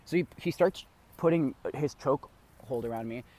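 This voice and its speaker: A man's voice: medium pitch, moderate pace, crowd noise. A man casually telling a long story on a podcast, rambling with many fillers and swearing freely. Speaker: podcast co-host.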